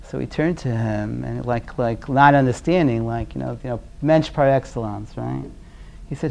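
A man from Brooklyn, New York, giving a conversational class on parenting. He is earnest and often drops to a quiet, low voice as he tells stories. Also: normal speed, gravelly. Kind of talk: conversational lecture with storytelling.

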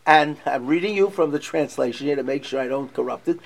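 A man's voice: a little high, a little fast, creaky, few pauses. A man teaching a text study class, reading passages aloud and explaining them with emphatic feeling.

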